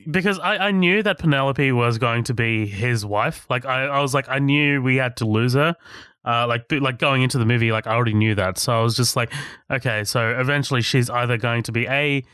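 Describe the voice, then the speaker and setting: Smooth-voiced man chatting casually about a film. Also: mid-range voice, normal speed, no room sound, clean studio sound. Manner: relaxed, with many likes and restarts. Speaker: podcast co-host. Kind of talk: casual movie-review chat.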